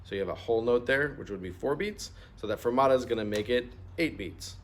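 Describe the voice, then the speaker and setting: A man's voice: mid-range voice, animated, fast talker, a little hiss or hum. A middle-aged man teaching a music lesson, patient and explaining step by step, asking students to repeat terms aloud. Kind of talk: instrument lesson walkthrough.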